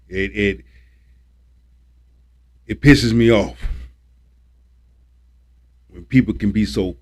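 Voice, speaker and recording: A livestream host speaks slowly in a lowish voice, leaving long pauses as he rants about politics. He sermonizes, repeats his points emphatically and curses when riled up.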